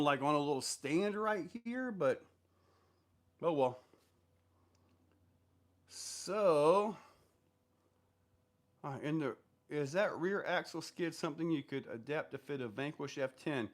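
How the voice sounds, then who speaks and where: A man hosting a casual live stream, reading viewer comments aloud and answering them in a loose, rambling way with lots of fillers. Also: a little high. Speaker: livestream host answering viewer questions.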